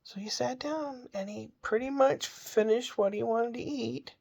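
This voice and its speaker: Gravelly older grandmother telling stories. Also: a little high, unhurried, darkish tone. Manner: rambling, homey, with small restarts. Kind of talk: casual storytelling monologue.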